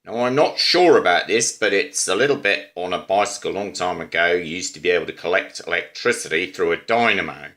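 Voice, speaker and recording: This Australian man has a low, slightly bright voice as he talks through an eco-friendly invention he's presenting as an amateur. His explanation is casual and rambling, unhurried and musing, full of fillers and asides.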